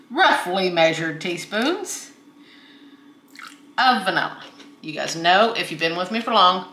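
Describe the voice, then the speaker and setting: A woman with a lowish, bright, ringing voice chats her way through a home cooking demonstration. She talks friendly and easygoing while working, and the kitchen gives her voice a roomy echo with faint clinks of dishes and utensils behind her. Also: slight background noise. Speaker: cooking channel host. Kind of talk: chatty home cooking tutorial.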